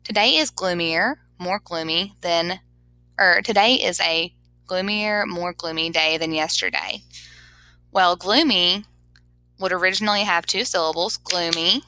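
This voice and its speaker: A woman's voice: fairly low pitch, measured pace, bright, forceful tone, poor audio. A woman teacher giving a grammar lesson over slides, patiently sounding words out syllable by syllable.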